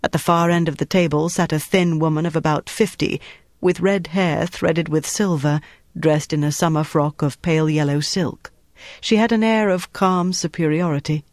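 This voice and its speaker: An audiobook narrator, a man whose voice sits a little high for a man, reads a wartime thriller as scripted narration in a steady, measured, even storytelling style. The close recording is dry, with no room sound.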